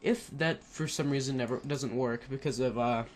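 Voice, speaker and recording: A man's voice: medium pitch, moderate pace, slight background noise. A man casually talking through a computer tutorial on a headset, rambling with many fillers and self-corrections. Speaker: tutorial narrator. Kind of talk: casual screen-recorded tutorial.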